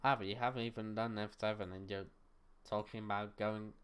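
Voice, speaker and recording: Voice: medium pitch, fairly even intonation, fairly quick, clear, resonant tone. A young adult livestreamer at home, chatting casually with viewers and thinking aloud while playing. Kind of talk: casual gaming stream chat. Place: at home, neighbors next door.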